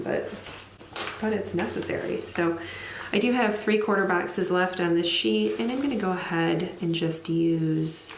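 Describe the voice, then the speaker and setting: Decorating her planner on camera, this teacher and vlogger talks through her week in a low-side voice, casually thinking out loud and tossing in light self-deprecating remarks. The room sounds echoey, and there is background noise.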